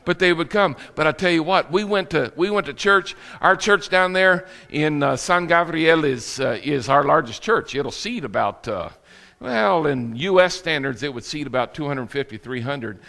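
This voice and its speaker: A man's voice: a little high, expressive, normal speed, creaky, sharp tone, long reverb tail. A man preaching a sermon, telling stories with acted quotes and laughter. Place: church sanctuary.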